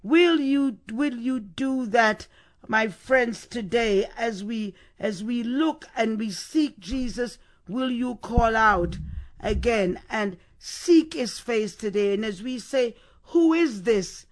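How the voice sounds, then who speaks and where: A man's voice: very high-pitched, slow pace. A man preaching a sermon, building up to repeated rhetorical questions with emphasis.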